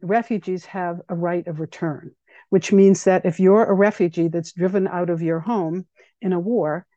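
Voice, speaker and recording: A woman giving an earnest, measured personal account in a radio interview, often thinking aloud with fillers. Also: fairly low pitch, steady tone, mellow, no echo, dull audio. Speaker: guest speaking about her activism.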